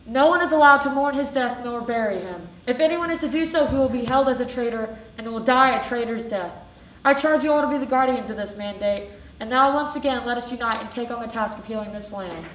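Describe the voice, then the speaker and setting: A woman's voice: fairly high pitch, brisk, natural voice. A teenage girl in a live school stage play, playing a stern, commanding male king who proclaims decrees and snaps orders. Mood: proclaiming. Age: teens. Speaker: student actor. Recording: echoey hall, distant stage mic, faint hiss.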